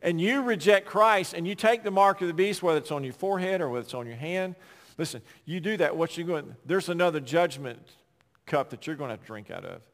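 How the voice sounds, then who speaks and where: A man pastor delivers a sermon in a voice a little higher than most men's. He builds to loud, emphatic declarations, then drops to hushed, conversational storytelling. The sound rings out with the long reverb of a large hall. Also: lively intonation, a little fast. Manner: preaching with swings from loud emphasis to quiet asides.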